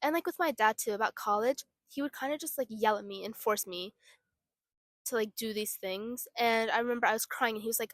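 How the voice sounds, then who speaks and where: A woman's voice: on the high side, fairly quick, fairly bright tone, dry recording, studio quality. A young woman co-hosting a casual chat, agreeable and full of "like" fillers. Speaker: podcast co-host.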